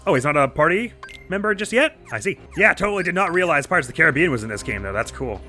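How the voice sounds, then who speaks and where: A man's voice: high-pitched, very animated, racing, sharp tone, soft background music. A man hosting a let's play, chatting playfully over the game and making goofy sound effects. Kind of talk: gameplay commentary.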